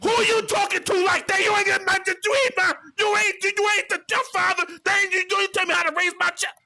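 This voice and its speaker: A man putting on the voice of an angry mother who storms out of the kitchen and shouts, indignant and fast. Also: very high-pitched, level tone, creaky, voice pushed up, exaggerated voice. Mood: furious.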